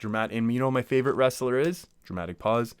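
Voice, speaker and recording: Speaking quickly in a smooth, medium-pitched voice, a podcast host rambles through a casual solo episode. He restarts often and laughs lightly, and there's no echo on the recording.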